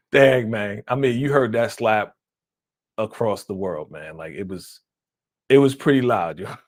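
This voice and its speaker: A man hosting a casual live-stream reaction, animated and laughing, acting out quotes in a raised voice. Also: on the low side, slow, long pauses, no room sound, clean studio sound.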